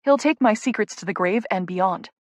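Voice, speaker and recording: A woman's voice: medium pitch, normal speed, dry recording, clean studio sound. A woman narrating a first-person audiobook in an intimate, emotional inner-monologue manner.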